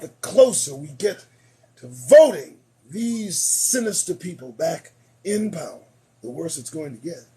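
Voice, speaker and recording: Hoarse man preaching in animated bursts. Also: sits high. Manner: emphatic, preachy, repeats lines for effect; swings between shouting and muttering. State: losing his voice. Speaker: host of a commentary show. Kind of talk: late-night political commentary.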